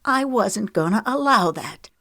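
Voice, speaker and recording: A woman voicing a spiteful middle-aged villainess with a raspy, grating voice in an audiobook. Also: medium pitch, animated, measured pace, fairly bright tone, dry recording, clean studio sound, voice pushed up. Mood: furious. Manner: taunting, venomous. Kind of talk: audiobook character reading.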